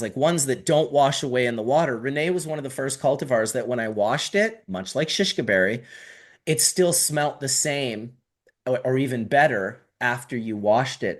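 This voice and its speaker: A middle-aged man from Canada, a podcast guest telling long stories in casual conversation, rambling and swearing, with lots of fillers and restarts. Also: mid-range voice.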